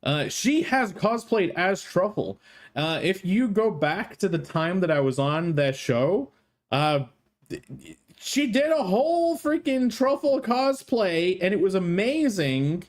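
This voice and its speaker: Lively, jokey male streamer. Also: sits high, takes it slowly. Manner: animated, jokey, swears freely. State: strained throat. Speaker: streamer, host. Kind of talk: casual live-stream chat.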